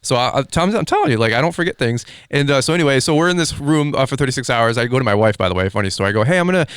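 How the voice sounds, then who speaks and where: A man hosting a podcast in casual chat, rambling excitably with lots of fillers. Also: medium pitch, very fast, clear, resonant tone, dry recording, clean studio sound. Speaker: podcast host.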